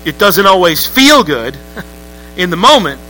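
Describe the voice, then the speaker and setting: Bright, emphatic preacher man. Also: sits high, sing-song, measured pace, a little hiss or hum, poor audio. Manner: conversational storytelling preaching, rising to emphatic peaks. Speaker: pastor. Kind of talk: sermon. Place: church sanctuary.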